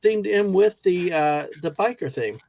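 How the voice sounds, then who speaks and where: A relaxed man chats alongside the host of a livestream and reads out viewer comments. He sounds agreeable and casual. His voice sits a little high for a man. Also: measured pace, creaky. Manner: easygoing, agreeable, with short affirmations. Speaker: co-host reading chat comments.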